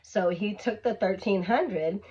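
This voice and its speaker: Husky woman telling a lively story. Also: mid-range voice, measured pace. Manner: animated, emphatic storytelling. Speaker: vlogger. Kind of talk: storytime vlog. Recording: dull lo-fi recording.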